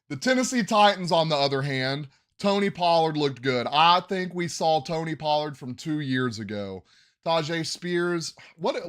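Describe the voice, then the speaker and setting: Animated man ranting about football. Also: a little high. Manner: animated, swings between yelling hype and muttering asides; coughs when yelling. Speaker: podcast host. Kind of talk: casual sports commentary.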